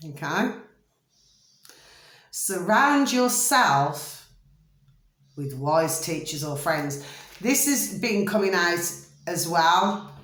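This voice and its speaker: A woman's voice: deep voice, a bit bright. A middle-aged woman doing a chatty, rambling tarot reading to camera, often giggling. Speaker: tarot card reader. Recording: echoey room.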